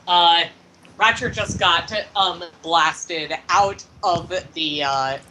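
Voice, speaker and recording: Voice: mid-range voice, very slow, noisy background. A player narrating a tabletop role-play game with hesitant fillers. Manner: hesitant, many ums and uhs.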